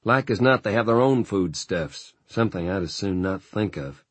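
A grim frontier rider who has seen too much, talking in an unhurried rural drawl, as a man reads him aloud. The voice sits very low and a touch husky. The recording is close and dry, with no room around it. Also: lively intonation, dry recording. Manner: rural drawl, folksy grammar.

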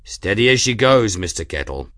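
A man's voice: on the low side, big pitch swings, normal speed, sharp tone, no echo. A man voicing a grim, stern middle-aged airship captain who favors dry understatement.

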